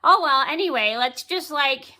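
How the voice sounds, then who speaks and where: A woman's voice: sits high, lively intonation, moderate pace, pushed and bright. A woman in her late twenties telling a funny personal story in a casual vlog, rambling, repeating words, correcting herself and giggling along the way. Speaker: vlogger.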